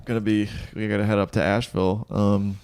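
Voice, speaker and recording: A young man hosts a podcast in a relaxed, easy manner, nodding along with "yeah" and "dude". His voice sits low with a gravelly edge. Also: fast talker. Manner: laid-back, says "dude" and "yeah" a lot. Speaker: podcast host. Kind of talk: casual interview chat.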